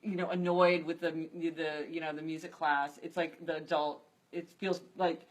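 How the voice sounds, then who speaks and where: A woman's voice: deep voice, little pitch movement, normal speed, poor audio. A woman hosting a casual chat, talking in a chatty way with many filler words. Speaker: host.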